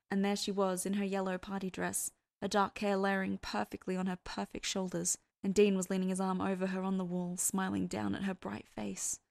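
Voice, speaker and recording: A woman's voice: mid-range voice, vocal fry, no echo. Woman narrating a story, dry close sound. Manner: measured storytelling, voicing characters. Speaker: fan fiction reader. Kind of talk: audiobook-style story narration.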